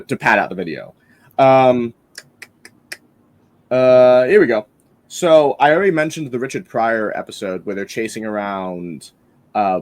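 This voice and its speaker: Low-ish guy rambling on a film podcast, lots of um and uh. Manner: rambling, enthusiastic, lots of fillers and restarts. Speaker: podcast host reviewing a film. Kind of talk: casual film-review chat.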